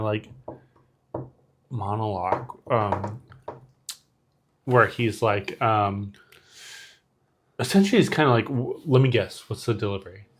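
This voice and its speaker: There's slight background noise as a lowish-voiced man co-hosts a podcast. His relaxed movie recap retells a scene from the film, loaded with fillers and quoted lines.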